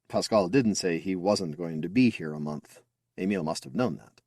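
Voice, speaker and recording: A man's voice: sits low, moderate pace, mellow, husky, no room sound, clean studio sound. A man reading a science fiction story aloud as an audiobook narrator, telling it expressively. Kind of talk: scripted narration.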